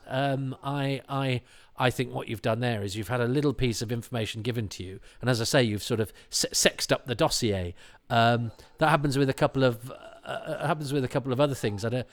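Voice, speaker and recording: A man's voice: mid-range voice, brisk. A man hosting a commentary podcast, chatting in a rambling way with many restarts and asides. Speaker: podcast host.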